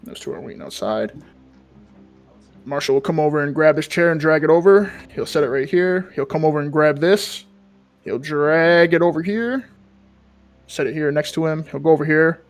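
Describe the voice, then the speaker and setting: A man's voice: a little high, moderate pace, faint music behind. A man acting as game master, narrating a tabletop game casually with a lot of rambling and fillers.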